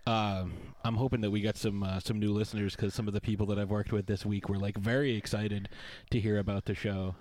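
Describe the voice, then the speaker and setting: Fast-talking joking male podcast host. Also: lowish voice, little pitch movement, darkish tone. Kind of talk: casual podcast chat.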